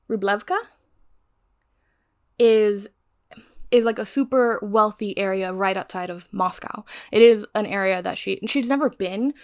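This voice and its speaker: A woman's voice: medium pitch, a bit bright. A woman giving a casual, rambling recap of a crime novel she is reading, going off on tangents and swearing freely. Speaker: book reviewer.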